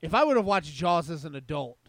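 A man with a fairly high voice tells a story hesitantly, full of restarts and fillers. The recording is dry and close. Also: big pitch swings, brisk, fairly bright tone, dry recording. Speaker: podcast co-host. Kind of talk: casual anecdote-telling.

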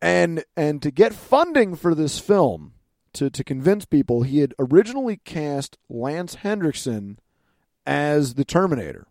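A man's voice: on the high side, very animated, unhurried, a little mellow, no echo, clean studio sound. A man chatting casually as a podcast co-host, telling stories with frequent laughs, fillers and restarts. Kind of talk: casual chat.

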